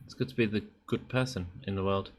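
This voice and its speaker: A man's voice: sits low, steady tone, fast. A man talking casually over a game he is playing, thinking aloud and rambling with lots of fillers. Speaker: gaming YouTuber. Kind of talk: casual gameplay commentary.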